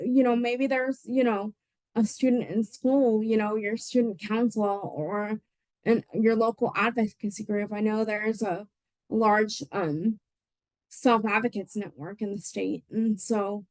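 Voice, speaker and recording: A woman's voice: on the high side, no echo, poor audio. A woman giving a casual webinar presentation, rambling with lots of fillers and restarts. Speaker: presenter on voting rights.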